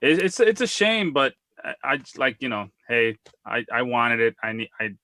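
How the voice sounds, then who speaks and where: A man co-hosting a live toy collecting podcast, talking in an excitable, rambling way with frequent laughs and dry sarcasm. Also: mid-range voice, moderate pace, dry recording. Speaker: co-host of a toy collecting show. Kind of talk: casual live podcast chat.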